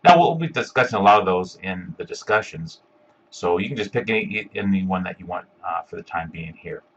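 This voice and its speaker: A man giving a step-by-step screencast software tutorial, talking casually with lots of ums and uhs. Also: low voice, animated, a little fast, dull audio, slight background noise. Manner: step-by-step, filler-heavy with frequent ums and uhs. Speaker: instructor.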